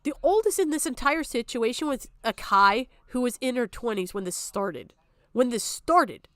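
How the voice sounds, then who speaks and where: A woman's voice: fairly high pitch, animated, normal speed, a bit bright, no room sound. A young adult woman streaming, talking in an upset, tearful way and swearing often, close to crying. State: on the verge of tears. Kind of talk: emotional livestream talk.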